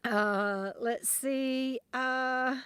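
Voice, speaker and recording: A woman's voice: high-pitched, fairly even intonation, extremely slow, a bit bright, clear, resonant tone, no echo. A woman chatting casually on an outdoor livestream, greeting viewers by name and often trailing off with ums. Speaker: livestream host. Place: outdoors at a campsite. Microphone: phone camera at arm's length.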